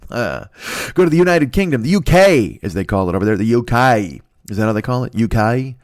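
A man's voice: lowish voice, sing-song, brisk, dry recording, clean studio sound. A man in his forties from the United States hosting a comedic solo podcast, rambling and swearing with self-mocking humor. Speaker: podcast host.

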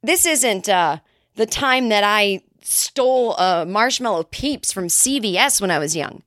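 A woman hosting a comedy podcast, ranting in a sarcastic, profane monologue and jumping into high mocking voices when quoting others. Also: lively intonation, unhurried, a bit bright, no room sound, clean studio sound. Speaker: podcast host.

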